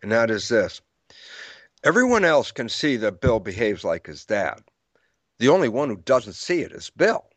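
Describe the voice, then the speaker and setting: A man's voice: medium pitch, sing-song, moderate pace, no room sound. A man as an interview guest, explaining ideas like a lecturer, acting out quoted dialogue and chuckling at his own points. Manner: storytelling lecturer who acts out quoted dialogue. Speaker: guest author.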